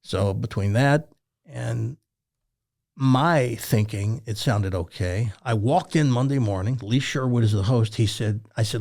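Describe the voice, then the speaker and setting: A man's voice: mid-range voice, a little slow, vocal fry. An older man from Tennessee, a former radio host telling stories in an interview and acting out the dialogue. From Tennessee, USA. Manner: animated storyteller who acts out quoted dialogue. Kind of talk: storytelling in a casual interview.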